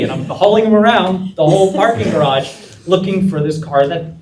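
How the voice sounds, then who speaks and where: A man telling a lively story to law students and acting out the dialogue as he goes. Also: fairly high pitch, normal speed, a little hiss or hum. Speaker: guest speaker. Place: lecture room. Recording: echoey room from a distance.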